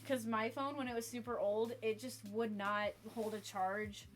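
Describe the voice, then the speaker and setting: A woman's voice: on the high side, flat delivery, normal speed, a little hiss or hum. A young woman streaming from her room at home, chatting casually with viewers and her cat and laughing often. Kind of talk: casual live-stream chat.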